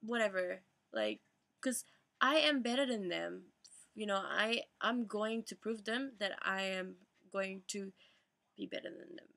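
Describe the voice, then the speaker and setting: A young woman telling her personal story in a vlog, emotional and halting, fighting back tears, full of fillers and restarts. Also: medium pitch, creaky, sharp tone. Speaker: vlogger.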